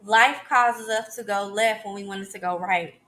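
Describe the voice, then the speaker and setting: Emphatic bright-voiced woman in her thirties. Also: medium pitch, fairly even intonation, normal speed. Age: 30s. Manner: emphatic, preachy, repeats "okay?" to the listener. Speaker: podcast host. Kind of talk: motivational solo talk.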